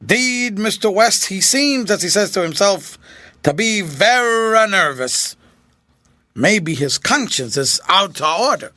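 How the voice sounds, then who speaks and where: A man's voice: high-pitched, lively intonation, sharp tone, no room sound, heavily acted. A man voicing a dogged, superstitious Scots countryman in a broad Scottish accent, drawling his dialect words. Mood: musing. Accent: Scottish, put on. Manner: broad dialect, slow and grumbling.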